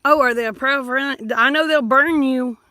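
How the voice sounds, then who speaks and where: A woman's voice: sits high, moderate pace, pushed and bright, dry recording. A woman, chatting casually on a home livestream in a folksy, rambling way, a little short of breath. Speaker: vlogger. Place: at home, indoors. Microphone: phone or computer mic.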